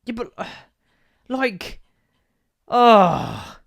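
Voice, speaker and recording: A man's voice: sits high, sing-song, very slow, gravelly, dry recording, studio quality. A young man hosting a podcast, ranting in a sweary, sarcastic, exasperated way. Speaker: podcast host. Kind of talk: comedic solo rant.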